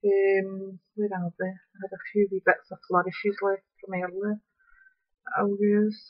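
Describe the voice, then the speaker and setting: Woman doing a craft demo, slow and easy, kind of dull lo-fi sound. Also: mid-range voice, little pitch movement. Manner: chatty, unhurried, thinking aloud while working. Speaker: craft tutorial host. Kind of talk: casual crafting demonstration. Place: upstairs room at home.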